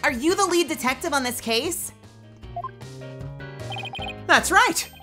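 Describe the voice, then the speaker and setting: A woman voicing a loud, overeager young male detective who talks fast. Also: high-pitched, lively intonation, soft background music, voice pushed up, full character voice. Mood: eager.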